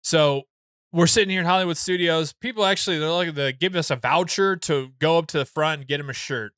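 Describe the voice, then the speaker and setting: Male podcast co-host, 30s, slightly high, clear voice, dry close mic, rambling animated storyteller. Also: a little fast, no echo. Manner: rambling, animated, lots of fillers and restarts. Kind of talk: casual comedic storytelling.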